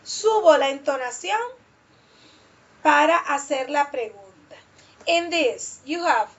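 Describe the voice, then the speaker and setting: Woman teacher, online English class; high voice, unhurried delivery, dull lo-fi sound. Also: animated. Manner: slow, drawn-out modelling of questions. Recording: dull lo-fi audio.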